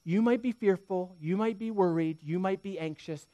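A man's voice: high-pitched, fairly quick, no room sound. A man in his thirties preaching a sermon as pastor, talking straight to the congregation and telling stories. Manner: swings from loud emphasis to hushed near-whisper; storytelling, direct address to the congregation.

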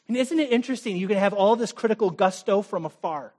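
Dramatic male preacher, loud then hushed. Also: high voice, animated, fast, few pauses. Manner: dramatic, swings from loud emphasis to hushed, intimate tones; direct, challenging address to the listener. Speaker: pastor. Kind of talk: sermon.

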